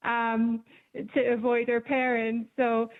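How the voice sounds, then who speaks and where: A woman's voice: fairly high pitch, completely flat delivery, slow pace. A woman reporter, chatting casually on the radio and telling stories with plenty of ums. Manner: chatty storyteller with many ums. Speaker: newspaper reporter. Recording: phone line.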